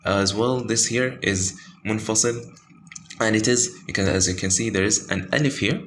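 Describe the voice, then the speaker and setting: Very low-voiced man teaching tajweed. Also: a bit bright, a little hiss or hum. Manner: halting, many fillers and self-corrections. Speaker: Quran recitation teacher. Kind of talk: informal tajweed lesson with screen pointing.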